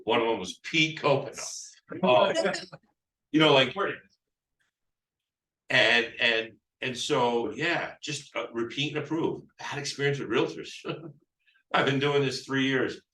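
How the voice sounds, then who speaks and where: Slow and pausing often, a man with a mid-range, bright, forceful voice teaches real estate agents phone scripts. He acts out the seller's side too, and his delivery rambles with many restarts. The live training talk is heard from a distance in an echoey room.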